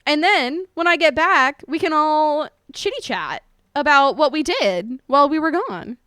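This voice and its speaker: Woman, live streamer, casual chat, playful, profane, high voice, dry sound. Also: expressive, measured pace, sharp tone, no room sound.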